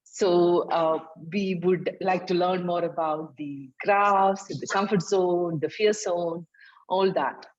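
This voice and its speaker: A woman giving a grammarian's report at a club meeting, halting now and then with fillers. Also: lowish voice, fairly even intonation, darkish tone, highs cut off.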